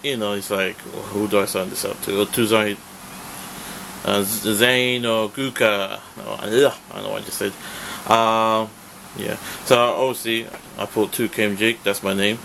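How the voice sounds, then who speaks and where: A man's voice: on the low side, fairly even intonation, unhurried, vocal fry, sharp tone, a little hiss or hum. A man rambling through a casual vlog, full of fillers and restarts, swearing when annoyed. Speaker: vlogger.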